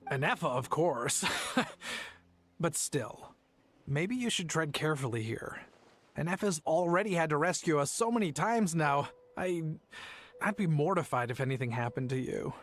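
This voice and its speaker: A male actor playing a worried, apologetic family man in a video game, delivering his lines in a flat, read-out way. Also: on the high side, normal speed.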